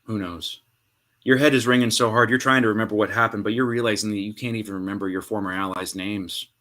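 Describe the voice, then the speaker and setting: A man narrating a tabletop game as game master, with dramatic storytelling and hushed pauses. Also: on the low side, steady tone.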